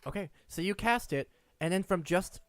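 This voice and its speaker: A man narrating a tabletop game as game master, piecing his descriptions together in rambling, halting bursts full of restarts. His voice is smooth and clear, pitched a little high. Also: animated, a bit bright.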